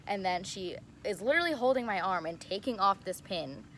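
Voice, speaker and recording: A young woman telling a story in a casual vlog, excited and gushing, saying "like" again and again. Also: mid-range voice, brisk, a little hiss or hum. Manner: excited and gushing, heavy use of "like". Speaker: vlogger.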